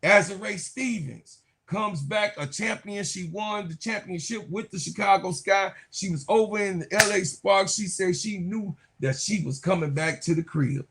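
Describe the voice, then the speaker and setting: A man's voice: high voice, moderate pace, vocal fry, few pauses, a bit bright, breathy edge. A man hosting a basketball channel, giving casual, hyped commentary full of slang and repeated phrases. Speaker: sports channel host.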